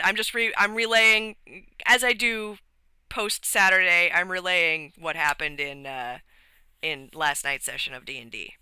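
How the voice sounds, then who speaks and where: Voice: medium pitch, a little slow, pushed and bright, clean tone, dry recording, low-quality recording. A streamer rambling through a casual recap of a tabletop game session, with lots of fillers and restarts.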